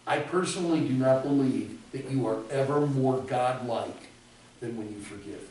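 A man's voice: medium pitch, mellow, a little hiss or hum. A man giving a classroom lecture on ministry, emphatic and speaking directly to his students. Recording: echoey room, mic far off.

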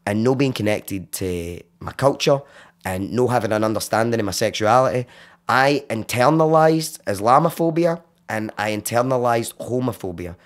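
A Glaswegian man from Scotland, a podcast guest who tells his story in casual chat, animated and swearing freely. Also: lowish voice, moderate pace. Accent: Glaswegian Scottish. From Glasgow, Scotland. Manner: animated, swears freely, acts out quoted voices.

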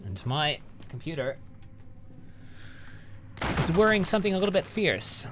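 A man's voice: a little high, big pitch swings, unhurried, background noise. A man giving casual let's-play commentary at his home computer, chatting as he reads out item stats and mutters at enemies. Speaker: gaming channel host.

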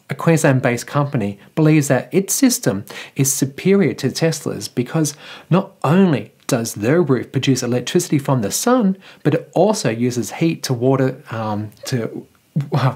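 Brief: Australian male vlog host, husky voice, chatty and jokey news delivery. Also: mid-range voice, a little mellow. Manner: chatty, jokey, enthusiastic asides. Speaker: electric vehicle news host.

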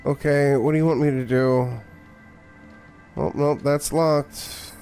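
Slow, sarcastic male game streamer. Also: medium pitch, steady tone, warm tone, soft background music. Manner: sarcastic, mock-scared, swears freely. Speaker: streamer playing a horror game. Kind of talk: live gameplay commentary.

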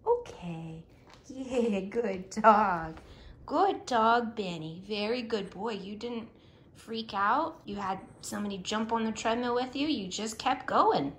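A young woman vlogger talking fondly to her dogs at home, praising them softly and laughing often as they walk on a treadmill. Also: fairly high pitch, takes it slowly, echoey room. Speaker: vlogger and dog owner. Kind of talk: casual chat. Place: indoors at home beside a running treadmill. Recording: steady treadmill motor noise behind.

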